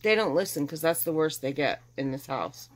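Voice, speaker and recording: A middle-aged woman with a low, expressive voice talks at a normal speed, vlogging a long, meandering account of being rescued. She's chatty and acts out each quoted line.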